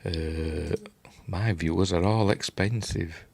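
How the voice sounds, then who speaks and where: A man's voice: on the low side, animated, moderate pace. An older man with a Yorkshire accent hosting a casual live-stream chat, rambling and self-deprecating as he reads out viewer comments. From Yorkshire, England. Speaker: host. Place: at home late at night.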